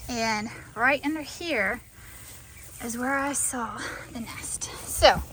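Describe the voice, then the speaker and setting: A woman, vlogging outdoors on her farm and half-yelling into her phone camera because she has no mic. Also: fairly high pitch, slow pace, noisy background. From Florida. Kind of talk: casual vlog narration. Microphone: phone camera, no external mic.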